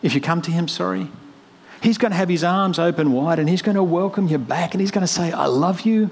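A middle-aged man preaching a sermon, earnest, moving from hushed storytelling to rising, emphatic appeals. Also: high voice, fast.

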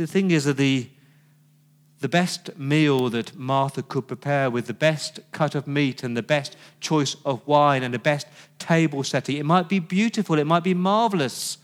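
Male pastor preaching. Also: on the high side. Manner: conversational storytelling, rhetorical questions. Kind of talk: sermon.

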